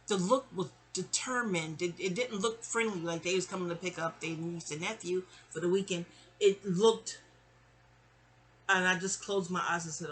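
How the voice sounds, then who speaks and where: A woman's voice: fairly low pitch, moderate pace. A woman, telling a casual, rambling family story. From New York City. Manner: chatty, animated, digressive.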